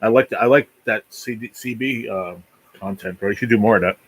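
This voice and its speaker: Husky, easygoing New man. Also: fairly low pitch, brisk, poor audio. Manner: rambling, easygoing, talks while eating. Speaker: livestream host. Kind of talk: casual live-stream chat.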